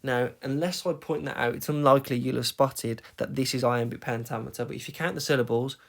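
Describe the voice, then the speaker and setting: A man's voice: mid-range voice, steady tone, a little fast, creaky, hardly any pauses. Guy teaching a video lesson, medium voice, keeps going "okay?". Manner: emphatic, tapping out rhythms, frequent "okay?" check-ins. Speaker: English teacher.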